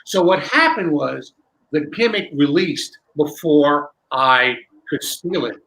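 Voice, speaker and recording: A man, a magician guest, telling a long animated story with many restarts in a candid interview. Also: a little high, takes it slowly, creaky, rough recording.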